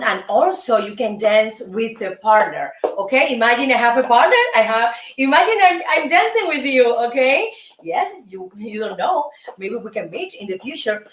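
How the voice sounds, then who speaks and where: A woman's voice: sits high, lively intonation, unhurried. A Cuban woman with a Cuban Spanish accent hosts her show and teaches basic salsa steps, counting them out in a friendly, coaxing way. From Cuba. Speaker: show host and dance teacher. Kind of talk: casual show hosting with a salsa lesson. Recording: echoey room, voice picked up from a distance, music in the background.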